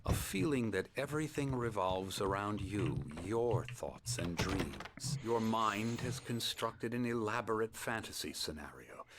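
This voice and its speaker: An actor playing a calm, condescending middle-aged psychiatrist in a video game, speaking in a soothing, measured way. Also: male voice, on the low side, heavy background noise. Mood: calm persuasive.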